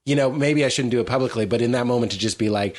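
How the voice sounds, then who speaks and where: A man's voice: medium pitch, very fast. A man guesting on a comedy podcast, joking playfully in casual chat. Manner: goofy, playful, bursts into laughter and song.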